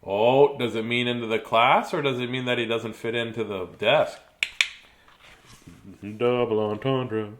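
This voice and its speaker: A man's voice: medium pitch, steady tone, measured pace, fairly bright tone. A man in his fifties reading a children's book aloud on his show, chatty and prone to rambling asides. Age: 50s. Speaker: host reading children's books. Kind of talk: casual live read-aloud.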